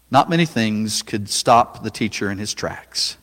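A man preaching a sermon, dramatic, rising to loud cries when he acts out a scene. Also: on the low side, animated, a little slow, few pauses, long reverb tail.

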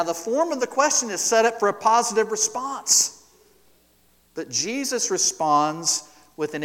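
A man preaching a sermon as pastor, rising and falling sharply in pitch and loudness for emphasis. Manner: expressive preaching with wide swings in pitch and loudness. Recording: long hall reverb.

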